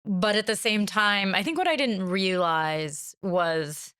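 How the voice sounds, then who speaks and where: An American woman guest in an interview, telling stories in a lively way, laughing often and acting out what others said. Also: mid-range voice, takes it slowly, smooth, no echo, studio quality. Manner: animated storytelling, laughs often, quotes others. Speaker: author guest. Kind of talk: interview conversation.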